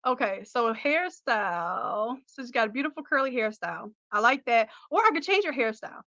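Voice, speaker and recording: Bright, high-voiced woman hosting a livestream. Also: expressive, a little fast, dry recording, lo-fi sound. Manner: chatty, laughing and teasing. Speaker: host. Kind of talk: casual livestream chat and design tutorial.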